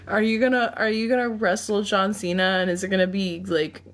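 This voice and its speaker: A woman's voice: mid-range voice, flat delivery, moderate pace. A woman hosting a livestream, chatting casually with her viewers and often breaking into laughter. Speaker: livestream host.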